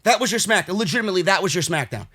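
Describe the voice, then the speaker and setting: Fired-up male show reviewer, New York accent, high bright voice, profane rants that boil over into shouting. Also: animated, very fast, breathy edge. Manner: furious profane ranting, swinging between shouting and weary grumbling. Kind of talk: angry ranting show review.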